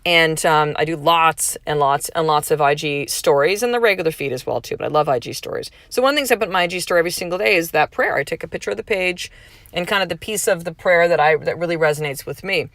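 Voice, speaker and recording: Woman podcast host in her thirties, lowish voice, frank and casual with salty language, dry close recording. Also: quick pace, no room sound. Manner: frank and casual, swears freely, animated emphasis. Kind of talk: candid motivational monologue.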